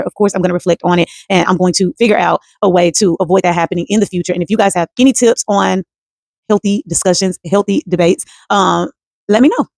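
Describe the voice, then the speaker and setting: Fast-talking gravelly Southern woman. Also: medium pitch, darkish tone, no room sound, clean studio sound. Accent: Southern American. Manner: chatty and reflective, addresses viewers as y'all. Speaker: vlogger, homeschool mom. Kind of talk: casual vlog monologue.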